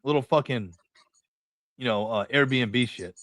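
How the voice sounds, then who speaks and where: A middle-aged man from New England hosts a casual podcast, swearing freely as he rambles through anecdotes and plays out both sides of the conversation. His voice sits at a medium pitch and is recorded dry, with no room sound. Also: slow pace, a bit bright, no echo. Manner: profane, rambling anecdotes with acted-out dialogue. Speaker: podcast host. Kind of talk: casual storytelling chat.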